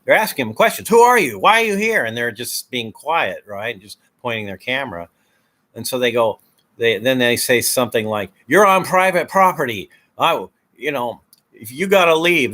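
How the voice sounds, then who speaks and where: A man's voice: mid-range voice, pushed and bright. Hesitant man rambling casually. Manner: hesitant, many fillers and restarts. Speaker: video host.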